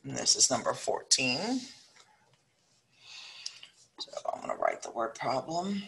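Bright-voiced Louisiana math teacher. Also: female voice, a bass voice, wildly swooping pitch, creaky, a little hiss or hum. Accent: South Louisiana. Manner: thinks aloud, slows down when dictating numbers. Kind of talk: recorded math lesson, working problems aloud.

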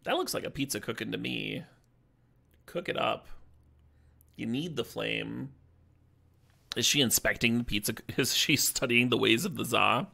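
A man streaming a card game draft, talking casually in a playful, joking way and swearing when excited. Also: mid-range voice, normal speed, gravelly.

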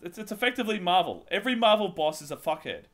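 A man's voice: sits high, sing-song, quick pace, a bit bright. A man hosting a casual podcast chat, joking and steering the topics. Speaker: podcast host.

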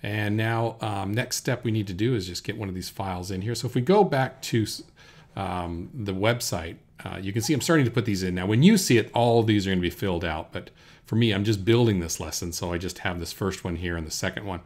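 A man teaching a software recording lesson at his computer, talking through each step in a relaxed way with fillers, into a desk microphone indoors. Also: lowish voice, brisk. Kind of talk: screen-recorded software tutorial. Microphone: USB desk microphone.

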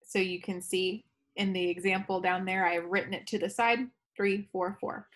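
A woman's voice: mid-range voice, flat delivery, moderate pace. A woman teacher talks through a recorded lesson in an easy, conversational tone. She stumbles now and then, corrects herself, and keeps going. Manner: chatty, self-correcting, laughs at own slips.

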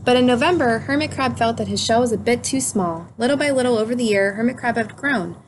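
A woman reading a children's picture book aloud in a calm, clear storytelling manner. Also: on the high side, quick pace, slight background noise. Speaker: storybook reader.

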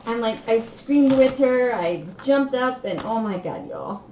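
A woman's voice: a little high, a little slow. Giddy, giggly woman unboxing a gift. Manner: excitable and giggly, gushing. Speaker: crafting vlogger. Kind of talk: casual unboxing chat to viewers. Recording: echoey room with faint noise.

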